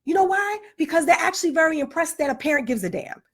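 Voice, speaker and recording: A woman's voice: very high-pitched, lively intonation, fast, fairly bright tone. A woman telling a story as a parent, emphatic and repetitive, hammering her points home. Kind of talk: casual storytelling monologue.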